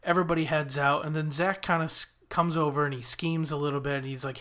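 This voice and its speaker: A man casually retelling a TV episode, voicing snippets of the characters' dialogue along the way. His voice sits a little high and sounds bright and forward. The delivery is chatty and animated. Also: fast talker, few pauses. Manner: animated retelling with quoted lines. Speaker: podcast host recapping a TV episode.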